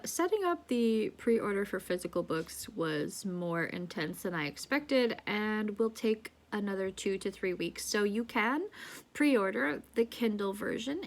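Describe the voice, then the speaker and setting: Woman, 30s, relaxed chatty vlog insert, mid pitch. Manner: relaxed, chatty, with fillers and small laughs. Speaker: author and vlogger. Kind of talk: casual spoken update.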